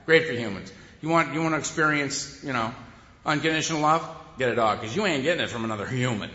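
A man's voice: mid-range voice, fast, sharp tone, slight background noise. A man speaking at a recovery meeting, telling his own story in a wry, conversational way and often laughing. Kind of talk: humorous personal storytelling. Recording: echoey hall, dull sound.

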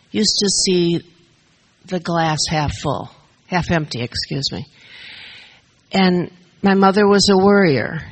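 A woman's voice: fairly low pitch, rough recording. An older woman sharing her story at a recovery meeting, emotional and a little nervous, speaking into a shared mic. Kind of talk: personal testimony to a group. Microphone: shared handheld mic.

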